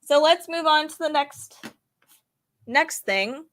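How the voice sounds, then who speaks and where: A young woman casually showing and reviewing a book and a candle, chatty and enthusiastic, a little hoarse from losing her voice. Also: high voice, expressive, slow pace, fairly bright tone. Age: young adult. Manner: chatty, enthusiastic, says "like" and "um" a lot. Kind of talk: casual show-and-tell review.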